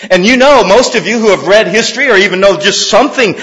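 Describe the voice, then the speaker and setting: A man preaching an expository sermon, earnest and halting, often repeating words as he searches for the phrase. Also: high-pitched, a bit bright. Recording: long hall reverb.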